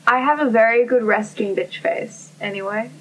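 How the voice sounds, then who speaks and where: A woman's voice: on the high side, moderate pace, far from the mic, low-quality recording. A young woman in casual conversation, speaking candidly, swearing freely and acting out what people said to her. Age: young adult. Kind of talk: casual chat.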